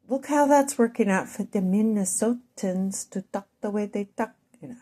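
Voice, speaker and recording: A woman with a Midwestern accent delivers a meandering monologue to her audience, pacing her words slowly and deliberately. Her voice sits at a middling pitch with a mellow, darker tone. She drifts into asides and catches herself mid-thought. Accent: Midwestern American. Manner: deliberate, speaks slowly on purpose; wandering, self-interrupting asides. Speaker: vlogger. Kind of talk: rambling monologue to camera.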